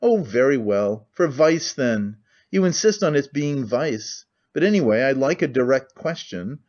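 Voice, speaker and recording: A man's voice: medium pitch, expressive, unhurried, darkish tone, close to an everyday voice. A man voicing a cynical, talkative middle-aged nobleman who rambles with languid candor, on a muffled lo-fi recording.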